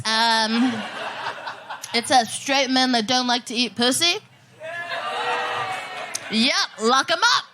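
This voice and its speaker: A woman's voice: high-pitched, a little hiss or hum. A woman performing a brash, rowdy live stand-up comedy set on a festival stage. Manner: brash, rowdy, punchy delivery.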